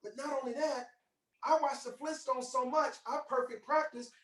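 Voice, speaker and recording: A man, a musician teaching children over a video call, telling a story in a playful, expressive way and asking the audience questions, with piano behind him. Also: very high-pitched, normal speed, a crowd in the background. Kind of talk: animated storytelling workshop. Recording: echoey room audio from far off.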